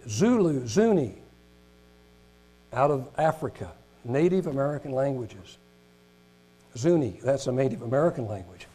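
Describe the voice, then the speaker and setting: A man preaching a sermon who reads long lists aloud, stumbling over pronunciations and rising to loud emphatic peaks before dropping low and quiet. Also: poor audio. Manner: rises in pitch and volume on emphatic points, drops low and soft on solemn ones. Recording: mains hum in background.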